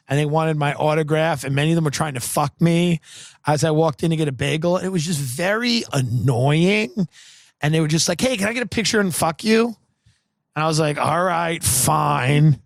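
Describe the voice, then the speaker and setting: A man rambles through an absurd comic monologue on his podcast, sardonic and deadpan. His voice sits a little high for a man. The sound is close and dry, with no room around it. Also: normal speed, no room sound. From Long Island, US. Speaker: comedian podcast host.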